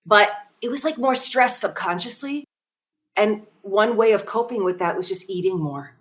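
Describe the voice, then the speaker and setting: A woman in her forties speaking as a wellness guest on a podcast, animated and laughing readily, often asking listeners questions. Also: medium pitch, normal speed. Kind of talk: conversational podcast talk.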